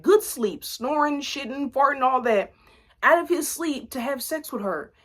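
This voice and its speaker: A woman in her twenties ranting casually to camera, blunt and profane, jumping between loud outbursts and low asides. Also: expressive, normal speed. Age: 20s. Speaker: vlogger commenting on reality TV.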